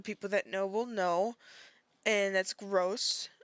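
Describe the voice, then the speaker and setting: A woman's voice: medium pitch, fairly even intonation, slow, clean tone, dry recording. A woman hosting a reaction video to camera, outraged and swearing, near tears. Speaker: reaction channel host. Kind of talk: reaction commentary. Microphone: facing a camera.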